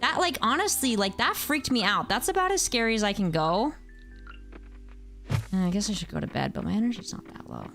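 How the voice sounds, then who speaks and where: Woman in her thirties, game streamer, casual chatty talk, lively exclamations, soft music underneath. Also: medium pitch, a little fast, creaky. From United States. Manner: chatty, answers chat, animated exclamations. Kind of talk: casual chat while gaming.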